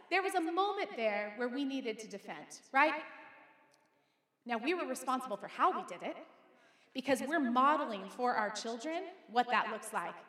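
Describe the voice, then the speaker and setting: High-voiced woman preaching in an echoey hall. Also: a bit bright. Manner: conversational, emphatic preaching with direct address. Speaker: pastor. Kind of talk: sermon. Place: church auditorium. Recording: echoey hall with long reverb.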